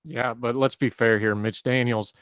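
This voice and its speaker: A man's voice: medium pitch, fairly even intonation, normal speed, fairly bright tone, smooth, no echo. A man hosting a casual political talk show, adding wry, conversational asides. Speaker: podcast host.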